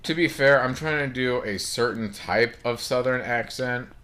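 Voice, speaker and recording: A man chatting over his gameplay in a bright, forward voice at an ordinary mid pitch. He rambles, apologizes a lot and pokes fun at himself. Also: normal speed. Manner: rambling, apologetic, self-deprecating. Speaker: let's play gamer. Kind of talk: casual gameplay commentary.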